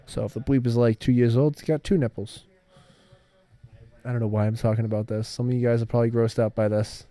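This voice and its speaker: A man's voice: mid-range voice, fairly even intonation, brisk, warm tone, no echo. Rambling young man, hesitant storyteller. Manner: rambling, hesitant, full of fillers and restarts. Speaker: guest telling his made-up stories. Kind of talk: casual rambling chat on a livestream.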